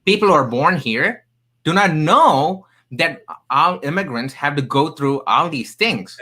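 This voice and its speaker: Bright-voiced man telling stories, accented. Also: on the high side, a little slow, low-quality recording. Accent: non-native English accent. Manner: animated, emphatic storyteller with jokey asides. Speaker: podcast guest, career coach. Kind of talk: storytelling in a casual interview.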